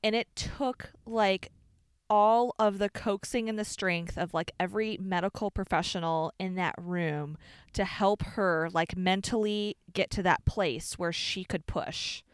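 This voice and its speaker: A woman's voice: mid-range voice, a little slow, clear, resonant tone, dry recording. A young woman from the Chicago suburbs, co-hosting a podcast and telling a family story in casual chat, swearing freely and filling her talk with "like". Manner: animated, swears freely, many "like" fillers. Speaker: podcast co-host.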